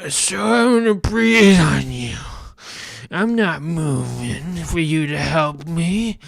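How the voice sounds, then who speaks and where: A man's voice: on the high side, lively intonation, gravelly, no echo, pitched above the performer's own voice, full character voice. A man putting on a spiteful wheezing customer. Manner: slow, loud, sneering.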